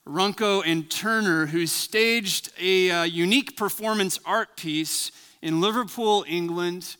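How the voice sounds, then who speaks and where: A man's voice: high voice, pushed and bright, clean tone, big-room sound. A man preaching as a pastor, praying and then telling a story in an earnest, reflective way. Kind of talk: sermon.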